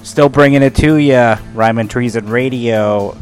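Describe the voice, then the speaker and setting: A man co-hosting a radio show in casual banter, easygoing and quick to laugh. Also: medium pitch, soft background music. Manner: slow, easygoing, laughs often.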